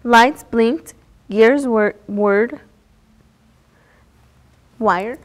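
Brief: woman storybook reader, mid-pitched, plain read-aloud with the odd stumble. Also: extremely slow, long pauses. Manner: plain read-aloud with small slips and restarts. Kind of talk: reading a children's picture book aloud.

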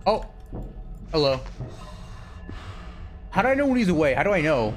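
A young man streaming a horror game, excitable and swearing, yelping and shouting whenever he gets startled. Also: fairly high pitch, measured pace, pauses often, faint music behind. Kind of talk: live gameplay commentary.

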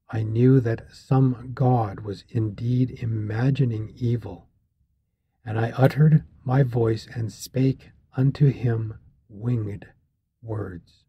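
A man narrating a classic epic for an audiobook, in a slow, measured, solemn reading with archaic phrasing. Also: mid-range voice, dark tone, slightly rough.

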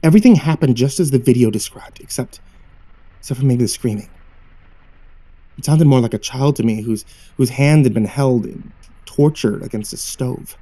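A man hosting his channel, narrating a first-person horror story with dramatic, tense pauses. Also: medium pitch, dark tone.

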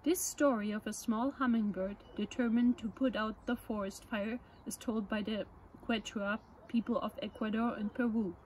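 A woman presenting children's books, reading a picture book aloud at story time in a gentle, measured way. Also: on the high side, steady tone, a little hiss or hum, poor audio.

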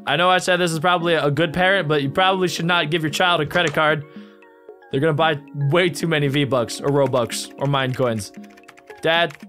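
A man hosting a casual reaction video, talking in an excitable, playful way. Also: on the high side, fairly quick, faint music behind. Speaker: YouTube reaction host.

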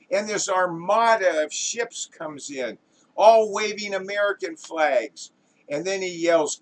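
Animated male joke teller. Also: high voice, a little slow, low-quality recording. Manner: animated storytelling, acts out the characters' voices. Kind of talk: telling a joke.

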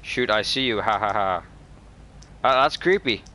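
A male streamer with a bright, forward voice whose pitch leaps around as he talks. He chats casually with his viewers, jokes, swears and laughs a lot. Now and then he yells at the game. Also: animated, a little slow. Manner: jokey, swears freely, laughs often, shouts at the game. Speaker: livestreamer. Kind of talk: casual gaming livestream chat.

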